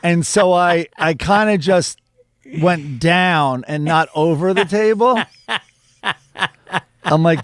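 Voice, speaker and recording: A man's voice: a little high, takes it slowly, long pauses, clear, resonant tone, no room sound, clean studio sound. A man co-hosting a podcast, telling rambling stories with joking asides in casual chat. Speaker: podcast co-host.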